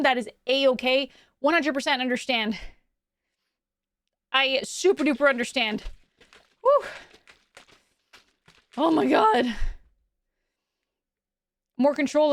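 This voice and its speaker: A chatty woman hosting a casual live stream, with a high voice and a bubbly, upbeat way of answering her viewers. The sound is dry and close, with no room echo. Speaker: VTuber streamer.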